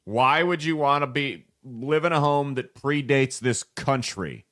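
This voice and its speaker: A man's voice: medium pitch, unhurried, fairly bright tone, dry recording, studio quality. A man co-hosting a casual podcast chat, skeptical and teasing, with lots of filler words. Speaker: podcast co-host.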